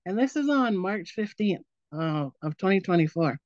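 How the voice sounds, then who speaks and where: A woman's voice: mid-range voice, normal speed, dry recording. A woman in her forties leads an online presentation in a loose, storytelling way, with plenty of "um" and "like." Her voice sits in a middle range. The audio is dry and slightly dull, as if from a video call. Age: 40s. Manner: relaxed storytelling with fillers like "um" and "like".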